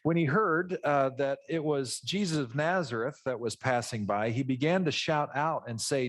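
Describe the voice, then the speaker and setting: A middle-aged man preaching a conversational, animated sermon, teaching from a Bible passage and acting out voices in asides. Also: mid-range voice, normal speed, hardly any pauses. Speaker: pastor.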